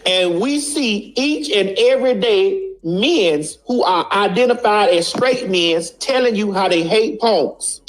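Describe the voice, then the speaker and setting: A woman with a medium-pitched voice delivers blunt, casual commentary, preaching her point, repeating lines for emphasis and swearing freely.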